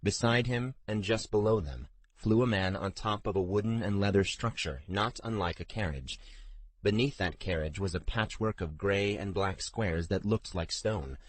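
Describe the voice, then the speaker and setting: A man narrating a fantasy audiobook in a measured, steady storytelling manner. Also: lowish voice, no echo.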